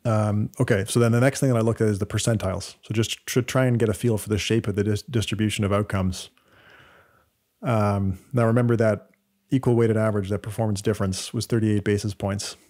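A man's voice: fairly low pitch, steady tone, fairly quick, darkish tone. A man with a Canadian accent co-hosting a podcast, explaining data step by step in casual chat with frequent fillers and restarts. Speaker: podcast co-host.

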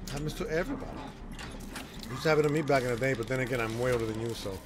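A middle-aged man streaming a game live, chatty and excitable, laughing and swearing at scares. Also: mid-range voice, rapid-fire, noisy background. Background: game music.

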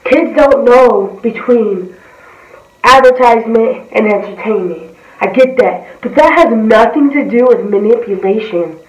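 A woman's voice: on the high side, a little slow. A woman giving a blunt, profane, heated reaction commentary as a vlogger. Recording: roomy, distant from the mic.

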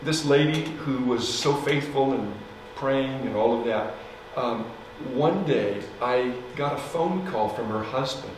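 A man preaching as pastor, telling a story in a loose, conversational way with fillers and soft laughs. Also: mid-range voice, lively intonation, measured pace, few pauses, slight background noise. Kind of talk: sermon storytelling. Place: church sanctuary. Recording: echoey hall, mic from a distance.

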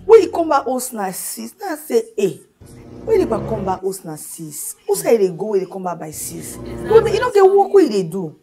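Brief: woman as an indignant Nigerian wife, high animated pitch, griping in pidgin. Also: moderate pace, soft background music. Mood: complaining. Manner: indignant, complaining in pidgin, dropping to a low mutter. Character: indignant aggrieved young wife. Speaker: client in therapy. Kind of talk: comic sketch acting.

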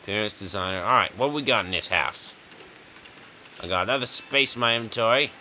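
Bright-voiced man rambling over a game. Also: fairly low pitch, fairly quick, a little hiss or hum. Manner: rambling, jokey, chuckles often. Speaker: gaming video host. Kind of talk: casual let's-play commentary.

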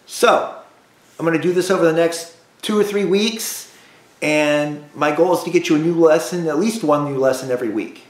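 A man teaching a beginner cello lesson to children, leading call-and-response drills with patient repetition. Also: fairly high pitch. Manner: slow, patient, repeats drills for kids. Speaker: school music teacher. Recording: echoey room.

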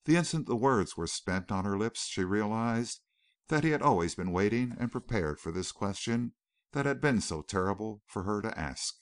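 A man narrates a novel in a dramatic, expressive style. His voice is on the lower side and swings widely in pitch. The sound is dry and close to the mic. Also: normal speed, no room sound. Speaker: audiobook narrator. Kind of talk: scripted narration.

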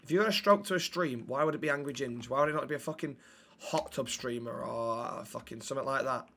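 A man's voice: mid-range voice, brisk, vocal fry, fairly bright tone, slight background noise. A young man, chatting bluntly and swearing while streaming a game. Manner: sweary, blunt banter with chat. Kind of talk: live-stream chat while gaming.

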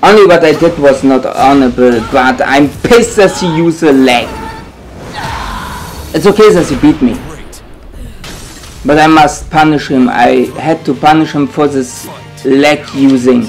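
A man's voice: a little high, measured pace, long pauses. A man speaking English, ranting and swearing through casual gameplay commentary. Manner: ranting, swearing, shouting at the game. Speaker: gamer. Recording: game music playing behind.

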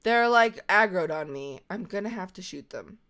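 A young woman hosting a casual co-op game session, excitable and quick to panic. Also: medium pitch. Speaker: gaming channel host. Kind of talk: casual co-op gameplay chat.

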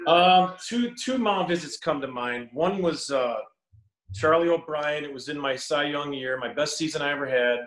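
A middle-aged man tells lively stories from the mound and acts out each voice in them. His voice sits slightly high, and the room around him gives it a clear echo. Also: moderate pace. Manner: animated anecdotes, acts out dialogue. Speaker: former pitcher, guest. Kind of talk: storytelling on a video call. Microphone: video call. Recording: echoey room on a call.

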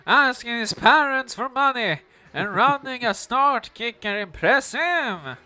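Man putting on a nasal nerdy gamer voice, very high, slow, bright and smooth, video game figure. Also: animated, soft background music, heavily acted. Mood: lecturing. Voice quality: nasal, pinched-nose. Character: nasal nerdy young male dino diplomat player.

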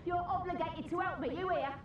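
A woman's voice: very high-pitched, brisk, highs cut off. A bitter, scolding old woman. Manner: scolding, resentful. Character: bitter elderly woman shut in indoors. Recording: game audio, echoey with noise.

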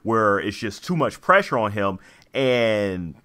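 A man talks as an agreeable podcast co-host, full of fillers and restarts. His voice is lowish but bright and forceful. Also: very animated, slow, clear, resonant tone. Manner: hesitant, many fillers, agreeable. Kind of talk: casual chat.

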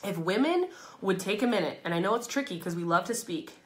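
A woman in a mid-range voice hosts a live stream and talks straight to her viewers. She is emphatic and candid, swears freely and laughs between phrases. She swings between loud, pushed lines and soft, low asides. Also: animated, a little fast. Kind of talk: casual motivational talk to a live audience.

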